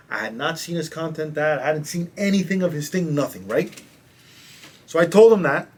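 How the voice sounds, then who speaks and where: Brief: fairly high-voiced man, podcast guest coach, lively storyteller with street slang. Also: moderate pace. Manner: animated, slangy, acts out quotes. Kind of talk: casual storytelling in a podcast interview.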